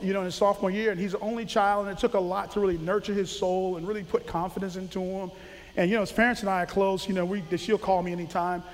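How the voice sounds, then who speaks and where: A former football coach telling animated stories about players he coached, acting out quotes and laughing often. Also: high-pitched, long reverb tail. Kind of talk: casual storytelling.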